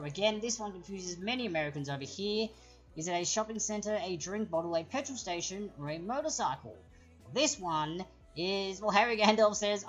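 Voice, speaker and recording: Chatty Australian woman hosting a quiz. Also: medium pitch. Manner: chatty and explanatory, reads out options and answers chat comments. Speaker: trivia quiz host. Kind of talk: live-streamed quiz hosting. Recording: dull lo-fi stream audio.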